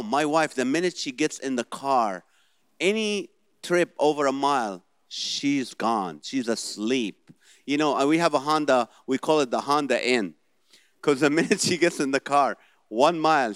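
A middle-aged man with a heavy Middle Eastern accent, telling comedic stories in an animated way and acting out the dialogue. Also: fairly high pitch, clean tone, dry recording, clean studio sound. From Middle East. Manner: animated storytelling, acts out dialogue. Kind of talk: stand-up comedy set.

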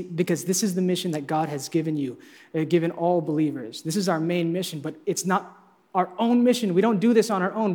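A man preaching a sermon as pastor, energetic and playfully teasing his congregation. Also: high-pitched, big-room sound.

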